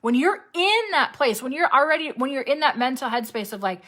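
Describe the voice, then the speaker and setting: Woman, health coach, casual motivational talk, fairly high voice, chatty, lots of "right?". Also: animated, brisk, hardly any pauses. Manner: acts out panicky inner voices with sharp jumps in pitch.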